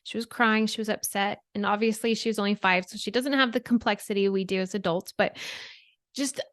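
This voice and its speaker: A woman in her thirties explains things earnestly on a podcast, checking in with the listener as she goes. Her voice sits at a middle pitch, and the sound is dry and close. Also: steady tone, brisk, fairly bright tone, dry recording. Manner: earnest, explanatory, often adds "right?". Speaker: guest expert. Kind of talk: podcast interview.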